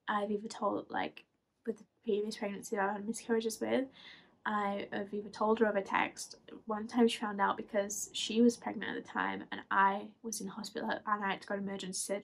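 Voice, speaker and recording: A woman in her twenties from England telling a personal story to camera in a chatty, halting way, full of fillers and small laughs. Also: medium pitch, vocal fry. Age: 20s. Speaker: vlogger.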